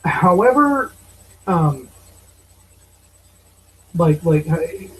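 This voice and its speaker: A man in his thirties co-hosting a casual movie review podcast speaks extremely slowly yet very animatedly, his voice a little high, fairly bright and husky. He's opinionated and exasperated and swears casually, all on a rough recording.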